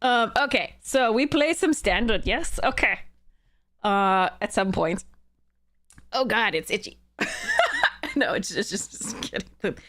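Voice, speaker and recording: A woman's voice: mid-range voice, takes it slowly, pauses often, a bit bright. A woman streamer chatting casually on a live stream, bubbly and giggly, rambling with frequent laughter. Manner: rambling, with many fillers and restarts. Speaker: streamer and content creator.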